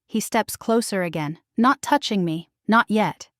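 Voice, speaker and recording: A woman narrating a romance story in the first person, with slow, measured storytelling on a close mic. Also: medium pitch, a bit bright, dry recording. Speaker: audiobook narrator.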